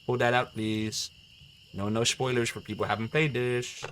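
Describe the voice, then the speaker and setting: A male streamer chatting casually while playing a game, excitable and laughing often. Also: mid-range voice, normal speed, a little hiss or hum. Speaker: live streamer.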